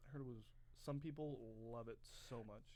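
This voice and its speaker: A man's voice: mid-range voice, fairly quick. A young man co-hosting a podcast, chatting casually and rambling through stories, often acting out movie quotes. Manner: rambling storyteller, acts out movie quotes loudly. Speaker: podcast co-host. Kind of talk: casual chat.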